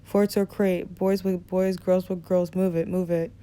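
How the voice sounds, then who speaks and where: A woman narrating an audiobook in a relaxed reading style, with small slips and restarts. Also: lowish voice, measured pace, clear, resonant tone. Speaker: audiobook reader.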